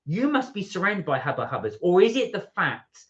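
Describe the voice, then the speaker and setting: A man's voice: sits high, sing-song, brisk, lo-fi sound. A man co-hosting a casual live stream, chatting and reading viewer comments aloud. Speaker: co-host reading the live chat.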